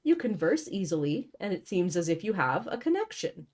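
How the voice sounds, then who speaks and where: A calm, earnest young princess who speaks in a measured, thoughtful way, as a woman reads her lines aloud. The voice sits slightly low and stays composed. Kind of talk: reading dialogue aloud.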